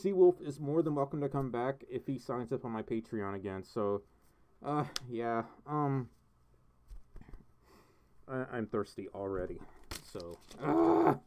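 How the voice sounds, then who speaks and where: A man's voice: medium pitch, expressive, measured pace, long pauses, noisy background. A man hosting a casual livestream, chatting with viewers, thanking donors and laughing often. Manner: chatty, giggly, reading donations and chat aloud. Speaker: livestream host. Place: home studio.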